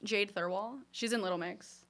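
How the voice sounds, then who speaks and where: A woman's voice: medium pitch, fairly even intonation, moderate pace, fairly bright tone. A young woman chatting as a podcast guest, talkative and self-mocking, filling her sentences with "like". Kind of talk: casual chat.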